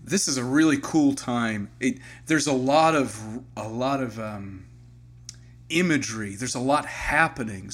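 A man's voice: medium pitch, measured pace. A man co-hosting a podcast, speaking earnestly and reflectively in casual conversation with his co-host. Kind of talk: casual chat.

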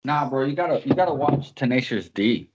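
A man's voice: mid-range voice, expressive, fairly quick, highs cut off, noisy background. Cursing man in loose podcast banter. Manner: swears a lot, says "bro". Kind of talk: casual podcast chat.

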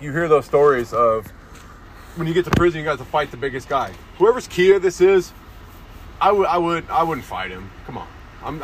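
A young podcast host delivers a crude comedy rant, swearing freely and constantly saying "dude." His voice sits a bit high for a man. He speaks into a phone held close to his face outdoors in a town near parked cars, with faint street sounds and a little hiss or hum.

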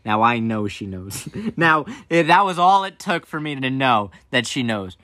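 A young man telling a childhood story on a casual talk show, animated and rambling, forever saying "I was like". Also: mid-range voice, normal speed, dry recording.

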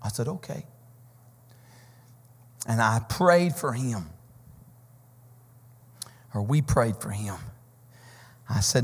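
A man preaching a Pentecostal sermon, telling testimony stories that build to shouting, sing-song peaks. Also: medium pitch, lively intonation, slow pace, long pauses, breathy edge. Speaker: visiting preacher. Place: church sanctuary. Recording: church hall reverb with keyboard music.

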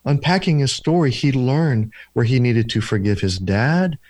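A man of ordinary pitch tells a story in a sit-down interview. He is earnest and slows down to stress key moments, voicing the other people in it. His voice is recorded close and dry, with no room sound. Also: lively intonation, darkish tone, dry recording. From former Protestant, now Catholic. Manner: earnest, slows down for emphasis, acts out dialogue. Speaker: deliverance minister, guest.

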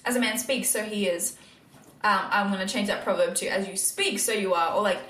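A woman's voice: mid-range voice, a bit bright. Earnest woman in an echoey room. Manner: earnest and encouraging, frequent filler words. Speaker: podcast host. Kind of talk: casual faith-based monologue.

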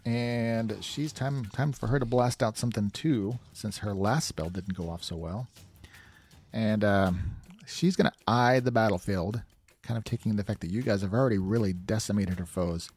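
A man's voice: lowish voice, normal speed, a little mellow, breathy edge. A man narrating a tabletop game as game master, reacting openly to the dice rolls.

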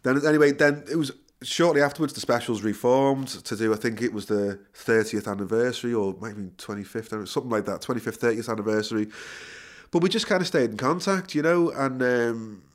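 A middle-aged man spins a story as an interview guest, in a casual, animated way. He restarts his sentences, laughs often and keeps his voice at an ordinary male pitch. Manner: animated storyteller, quick self-corrections, frequent laughter. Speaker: musician guest.

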